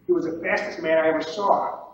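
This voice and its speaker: A man's voice: a little high, steady tone, fairly quick. Guy teaching a trading seminar, keeps saying okay, old dull lo-fi tape with faint hiss. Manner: emphatic and repetitive, checks in with "okay?". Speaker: commodities trading instructor. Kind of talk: seminar lecture. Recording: echoey room, distant mic, dull lo-fi, faint hiss.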